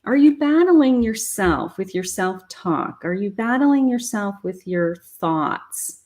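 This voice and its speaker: A woman's voice: mid-range voice, animated, slow pace, a little mellow. A woman giving a live tarot reading, chatty and encouraging, talking straight to the viewer. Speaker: psychic tarot reader.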